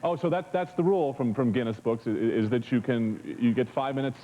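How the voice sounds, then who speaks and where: A man's voice: medium pitch, a little fast, mellow, muffled recording. A man co-hosting a TV talk show, joking around and stammering over his words. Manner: stammering, jokey, repeats words. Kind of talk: jokey TV talk chat.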